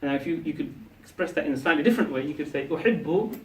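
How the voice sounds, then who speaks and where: Racing along in a fairly high, slightly mellow voice, a male Arabic teacher explains and questions his class. He keeps checking in with "yeah?" and restarts often, heard through a distant mic in an echoey room.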